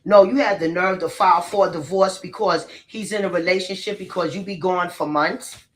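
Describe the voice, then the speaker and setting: A woman's voice: lowish voice, normal speed. A woman giving a casual, ranting commentary, blunt and profane, hammering her points home by repeating them. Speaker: spiritual messenger and celebrity commentator. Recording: roomy echo, distant from the mic.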